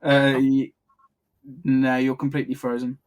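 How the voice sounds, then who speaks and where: A man's voice: medium pitch, completely flat delivery, measured pace, a little mellow. A man co-hosting a podcast, talking casually over a video call and often stopping to correct himself. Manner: chatty, self-correcting, laughs often. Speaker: podcast co-host. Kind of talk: casual commentary chat.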